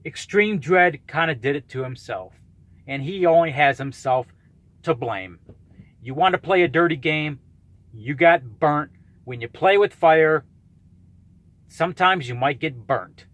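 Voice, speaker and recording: A man's voice: a little high, expressive, a little slow, pauses often, a bit bright, dry recording. A man in his thirties ranting in a vlog, blunt, combative and profane as he calls out a rival. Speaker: YouTuber calling out a rival.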